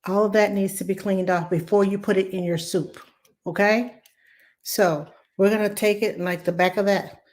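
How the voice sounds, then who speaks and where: Lady hosting a live cooking stream, kinda hoarse voice, chatty, says hi to everyone. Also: mid-range voice, fairly even intonation, normal speed, darkish tone. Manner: chatty, greets viewers by name. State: hoarse from laryngitis. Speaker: cooking show host.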